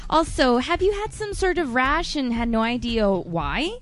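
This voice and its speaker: A woman correspondent giving a teasing, upbeat preview of the news segment, bubbly and quick to laugh. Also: high voice, expressive. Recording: music bed playing faintly behind.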